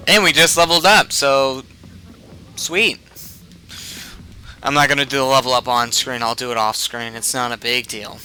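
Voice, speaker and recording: A man's voice: medium pitch, fairly even intonation, normal speed, long pauses, sharp tone, faint music behind, poor audio. A man from the United States giving casual, joking, rambling commentary over a video game on a headset mic. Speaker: game let's play host.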